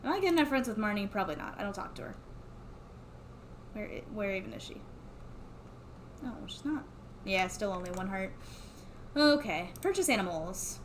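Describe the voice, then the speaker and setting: A woman's voice: mid-range voice, expressive, normal speed, pauses often, background noise. A young woman streaming a farming game, chatting casually to herself and laughing often. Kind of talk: casual gameplay commentary.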